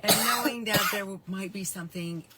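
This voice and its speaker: A woman's voice: medium pitch, a little fast, heavy background noise. Affirming woman host asking questions. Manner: warm, affirming, encouraging. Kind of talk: interview.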